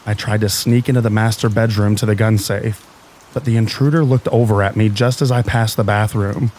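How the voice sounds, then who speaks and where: A man narrating true scary stories in a calm, even reading meant to help listeners fall asleep. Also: lowish voice, fairly quick, slight background noise.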